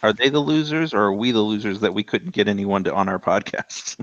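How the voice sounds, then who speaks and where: A man's voice: fairly low pitch, fairly quick, fairly bright tone, dry recording. Young man on a dull, dry mic. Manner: hesitant, restarts questions. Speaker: podcast co-host. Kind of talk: casual chat.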